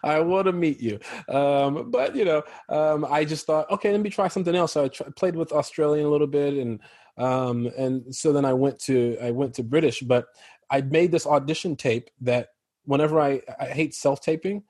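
A man's voice: fairly high pitch, moderate pace, a little mellow, no echo, studio quality. An American man from Chicago, a guest actor in casual podcast chat, rambling loosely and laughing often.

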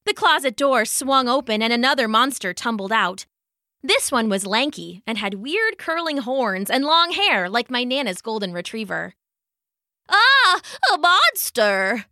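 A woman gently narrating a children's bedtime story with expressive delivery. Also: a little high, normal speed, no room sound, clean studio sound.

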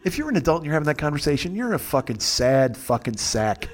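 A man hosts a casual podcast, ranting, swearing, and being sarcastic while doing mocking little impressions of other people. His voice is on the high side, with big pitch swings and a quick pace.

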